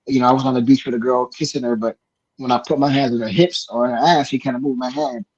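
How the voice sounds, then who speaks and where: A man's voice: medium pitch, fairly even intonation, quick pace, darkish tone, slightly rough, lo-fi sound. A man on a casual podcast chat, handing out travel advice chattily and restarting his sentences often.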